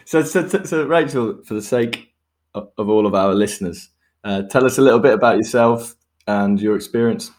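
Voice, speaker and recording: A man's voice: medium pitch, moderate pace. A man hosting a podcast in casual chat, joking and laughing often and repeating words as he goes. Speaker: podcast host.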